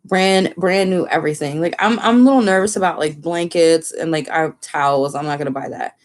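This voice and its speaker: A woman talks in a loose, rambling way, scattering fillers as she live-streams from her home. Her voice sits a little low for a woman. It is relaxed, unscripted chat. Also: a little fast. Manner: chatty, rambling, many "like" fillers; slips into high baby talk with her dog. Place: family home.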